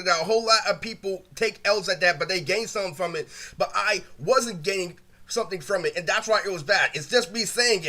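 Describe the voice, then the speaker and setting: A high-voiced man with a bright tone vents through a casual storytime monologue, clearly aggrieved the whole way. It's loose and rambling, heavy on curse words and fillers.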